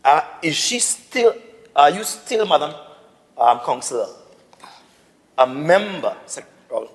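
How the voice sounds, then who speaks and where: Indignant Trinbagonian assemblyman in a reverberant chamber. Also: mid-range voice. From Tobago. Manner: indignant, insistent, repetitive. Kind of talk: parliamentary debate.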